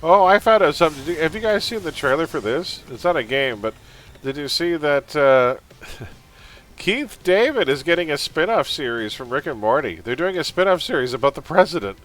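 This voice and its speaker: A man's voice: fairly high pitch, animated, moderate pace, fairly bright tone. A man from Canada with a mild Canadian accent, chatting casually as he streams a game and reads its text aloud. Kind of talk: casual live-stream commentary.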